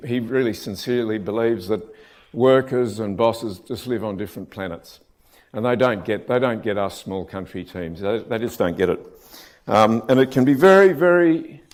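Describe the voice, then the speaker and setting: A man with an Australian accent giving a joking, anecdotal conference talk as a building contractor, clearing his throat often and restarting his sentences. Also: medium pitch. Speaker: conference speaker, rammed earth contractor.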